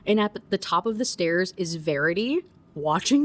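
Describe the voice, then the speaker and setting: Woman doing a rant review, medium pitch, swears a lot, laughs mid-sentence, super animated. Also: normal speed. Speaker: book reviewer.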